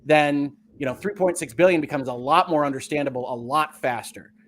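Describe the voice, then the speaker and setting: A man talking on a gaming podcast panel, lively and fond of acting out imagined dialogue. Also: fairly high pitch, a little fast, a little hiss or hum. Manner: animated, acts out quoted dialogue. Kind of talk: casual panel discussion.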